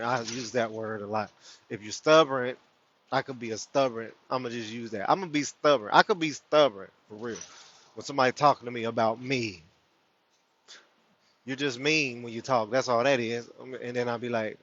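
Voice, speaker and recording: A man's voice: mid-range voice, steady tone, moderate pace, fairly bright tone. Laid-back man with a lilt. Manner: loose, conversational, laughs often. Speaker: host of a spiritual community livestream. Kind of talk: casual spiritual talk to viewers. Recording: dull lo-fi sound.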